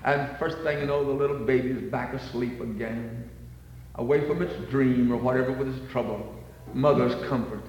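A man preaching a sermon in church, fervent, climbing to near-shouts at his high points. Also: fairly even intonation, normal speed, roomy sound, in a large hall, dull audio, slight background noise.

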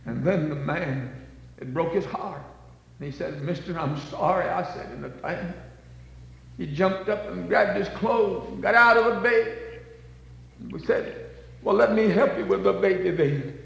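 A man preaching a sermon in church, fervent, climbing to near-shouts at his high points. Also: measured pace, creaky, reverberant, in a large hall, poor audio.

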